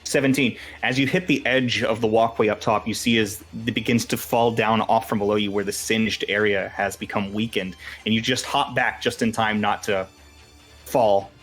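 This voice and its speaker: A man's voice: on the low side, steady tone, moderate pace, a bit bright, faint music behind. A young man narrating as game master in a casual, swearing, filler-laden way.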